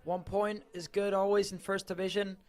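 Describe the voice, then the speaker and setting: A man's voice: high-pitched, flat delivery, normal speed. A man reporting for a club channel, giving chatty, enthusiastic live match coverage.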